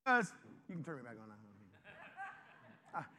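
A male pastor giving an informal, lively sermon and joking with his congregation. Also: mid-range voice, slow, husky.

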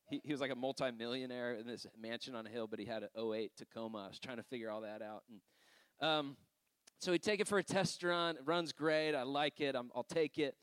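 A man's voice: medium pitch, fairly quick, fairly bright tone, clear, resonant tone, no echo. A man preaching a sermon, telling personal stories in a loose conversational way with frequent laughs and asides. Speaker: pastor.

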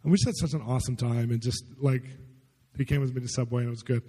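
Husky-voiced man preaching in a hall. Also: medium pitch, quick pace. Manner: excited, rambling storyteller with many fillers. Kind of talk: sermon testimony storytelling. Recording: long hall reverb.

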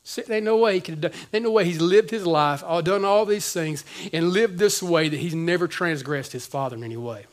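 A male pastor preaching a sermon in casual slang, swinging between loud and hushed. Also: on the high side, fairly quick, hardly any pauses.

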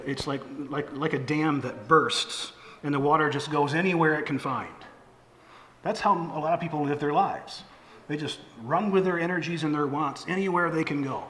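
A man's voice: a little high, fairly bright tone, slight background noise. A middle-aged man, a pastor, preaching a sermon in a conversational way, with fillers and restarts. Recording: echoey hall with faint ambience.

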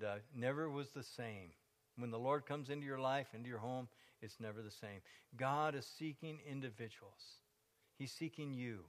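Animated older male preacher in a reverberant hall. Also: on the high side. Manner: animated, acts out quotes and little scenes. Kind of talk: sermon.

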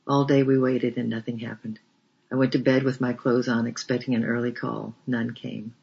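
A man narrating a memoir as an audiobook reader, with a measured, flat delivery. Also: mid-range voice, vocal fry, slightly rough. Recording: dull lo-fi recording.

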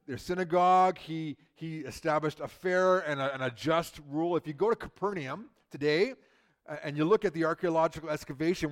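A man preaching in a conversational way, often repeating words and acting out the lines of the story he explains. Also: on the high side. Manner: acts out quotes from the story. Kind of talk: sermon.

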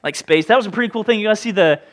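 A man preaching a sermon as pastor, lively, often acting out the voices of people in the story. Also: high voice, very fast. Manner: animated, acts out voices in the story. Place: church sanctuary. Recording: hall reverb.

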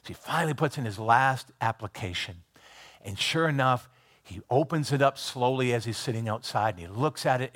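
Guy preaching, retelling a movie like a story, mid pitch, lots of restarts and ums. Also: a bit bright. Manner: retells a film scene by scene, briefly voicing its characters; conversational with frequent restarts and filler words. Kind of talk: sermon storytelling.

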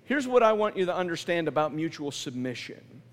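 A man preaching a sermon as pastor, animated and acting out the voices of people in his stories. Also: fairly high pitch, a little fast, in a large hall.

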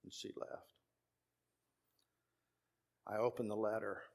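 A man's voice: fairly low pitch, flat delivery, slow, creaky, a little mellow. A middle-aged man with a Texan accent, a pastor telling a story from the pulpit as a sermon, acting out the voices of the people in it.

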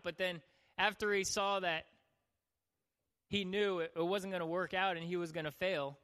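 High, bright-voiced young youth pastor. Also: male voice, steady tone, normal speed, long pauses, clean tone. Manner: joking, acts out voices. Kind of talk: sermon. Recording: long hall reverb.

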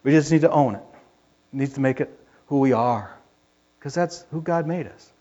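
A man preaching a sermon in a fervent way that rises to yelling when he gets excited, in a dull lo-fi recording. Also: mid-range voice, normal speed. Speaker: pastor.

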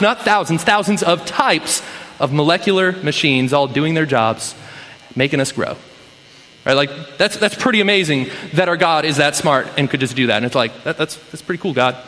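High-voiced pastor preaching in a hall. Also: male voice, fairly bright tone. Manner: casual, conversational preaching with many "like" and "right?". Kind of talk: sermon. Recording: long hall reverb.

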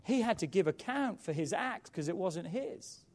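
A man preaching a sermon as pastor, with emphatic rises and quiet drops. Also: high-pitched, lively intonation, moderate pace.

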